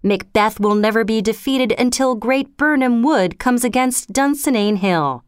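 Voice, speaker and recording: A woman's voice: a little high, a little slow, smooth, no echo, studio quality, pitched above the performer's own voice, lightly acted. A woman voicing a child vision that gives a solemn, encouraging prophecy.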